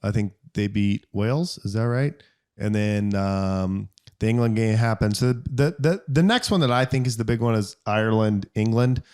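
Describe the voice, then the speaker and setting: A man's voice: fairly low pitch, normal speed, a little mellow, clear, resonant tone. Rambling American man telling stories. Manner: rambling storyteller, mimics voices in anecdotes. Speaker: podcast co-host. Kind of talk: casual chat.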